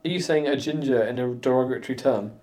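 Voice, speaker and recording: A man co-hosting a casual podcast while watching a show, excitable and quick to laugh. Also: mid-range voice. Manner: excitable, laughing, jumps into quoted impressions. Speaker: podcast co-host.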